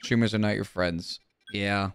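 A man's voice: on the low side, steady tone, a little slow, slight background noise. A man live-streaming while gaming, talking bluntly to his chat, swearing freely and getting heated.

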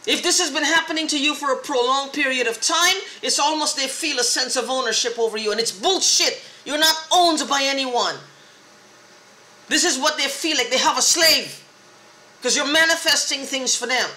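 A woman's voice: high voice, normal speed, bright, forceful tone, reverberant. A woman in an angry, profane, repetitive rant, talking straight to the camera. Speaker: vlogger. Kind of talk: agitated monologue to camera.

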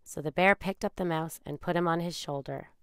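Low gravelly lady reading a kids story, calm, dry sound. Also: no room sound. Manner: calm, measured. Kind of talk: children's read-aloud narration.

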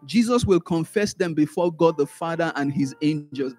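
A man with a high, husky voice teaching a church Bible class. He restarts phrases and keeps repeating words, then surges up loud and high when a point lands. Faint music sits under his voice. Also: normal speed. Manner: animated, rises sharply in pitch and volume for emphasis, trails off in asides. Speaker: Sunday school teacher.

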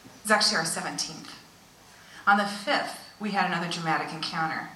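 Lively woman preaching in an echoey hall. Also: lowish voice, fairly quick. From United States. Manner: animated, dips to hushed tones for emphasis. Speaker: visiting pastor, missionary. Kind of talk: storytelling sermon. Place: church hall. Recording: echoey church hall, voice from far off.

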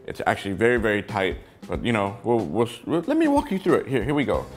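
A man hosting a casual review vlog, chatting excitably and talking straight to his viewers. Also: fairly low pitch, quick pace, faint music behind. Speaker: toy brick set reviewer, channel host.

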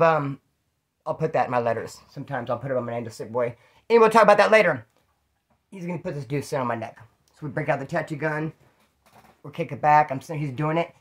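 A man's voice: a little high, fairly bright tone. A man telling rambling, slangy, profane stories in a casual monologue. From California. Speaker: storyteller about prison life.

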